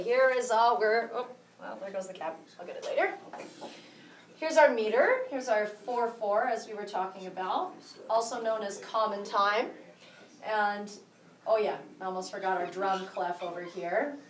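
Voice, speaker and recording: A woman's voice: mid-range voice, moderate pace, slight background noise. A woman explaining rhythm in a drum lesson at a cultural center, counting beats aloud in a friendly way. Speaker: music teacher. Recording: roomy echo, mic far off.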